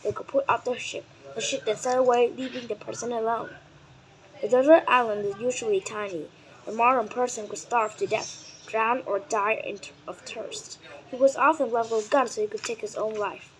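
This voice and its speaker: A woman whose first language is Vietnamese reads a children's nonfiction book aloud in English, carefully and deliberately, sometimes stumbling and correcting herself. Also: on the high side, steady tone, poor audio.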